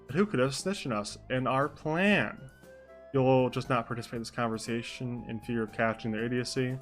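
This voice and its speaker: A man's voice: medium pitch, brisk, soft background music. A young man live-streaming, reading out a role-play story and breaking off into rambling asides about his chat. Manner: rambling asides, mixes narration with chat comments.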